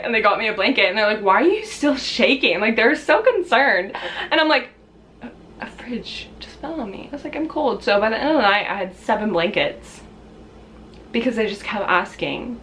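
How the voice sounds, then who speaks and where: A young woman vlogger telling a casual storytime, chatty with lots of fillers, acting out quotes in shrill high voices. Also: expressive, moderate pace, a bit bright, slight background noise.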